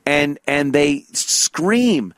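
A man's voice: fairly high pitch, animated, very slow, fairly bright tone, no room sound, studio quality. A man chatting casually as a podcast host, profane and mocking, often mimicking people. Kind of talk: casual chat.

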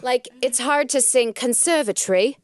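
A woman's voice: sits high, normal speed. A woman in a casual group chat who explains things thoughtfully, drawing on theater training.

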